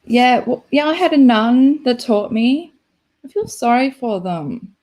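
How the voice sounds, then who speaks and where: A woman's voice: on the high side, animated, measured pace, a little mellow. A woman hosting a live stream, chatting casually and rambling with lots of "like" and giggles. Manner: rambling, giggly, full of "like" fillers.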